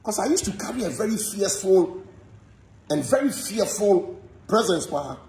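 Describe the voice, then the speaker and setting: A Ghanaian man talks fast and hot in an animated, repetitive rant about gossip. His voice sits high and leaps up and down from phrase to phrase. The room gives it a clear echo. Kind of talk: heated gossip monologue.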